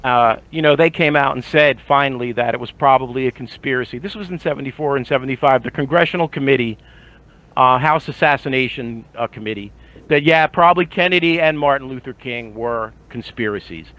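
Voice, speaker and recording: An older man talking heatedly in a casual group chat, indignant and animated. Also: medium pitch, brisk, rough recording. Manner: animated, indignant, mocks others with voices. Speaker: podcast panelist.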